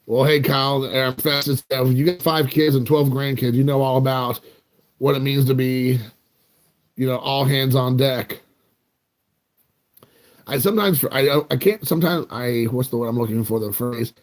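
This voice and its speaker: This card collecting channel host is an American man in his forties with a mid-range voice, a steady tone, and a normal speaking speed. He talks casually to his viewers in a rambling, jokey, self-mocking way.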